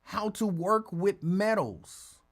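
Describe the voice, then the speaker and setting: A man hosting a casual podcast, talking in a laid-back conversational way and answering a listener's comment. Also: takes it slowly. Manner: laid-back, conversational, lively pitch, playful voices for a dog. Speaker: podcast host.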